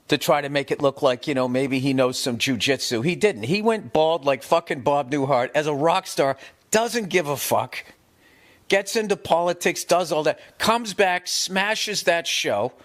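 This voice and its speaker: A man in his fifties telling rambling, profane stories in a casual rant, animated and quick to swear. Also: on the high side. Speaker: comedian. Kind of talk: casual podcast-style rant.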